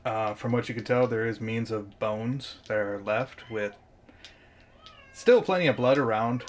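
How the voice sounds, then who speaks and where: A man's voice: medium pitch, a little slow. A man running a tabletop game as game master, rambling and slipping in laughs often. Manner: rambling, keeps saying "means of", laughs a lot.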